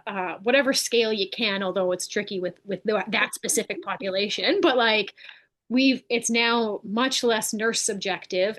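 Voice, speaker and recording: A woman's voice: medium pitch, moderate pace, a bit bright. A woman, a nurse hosting an interview, speaking candidly and chattily, with self-deprecating asides and frequent "like" fillers. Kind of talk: casual conversational interview.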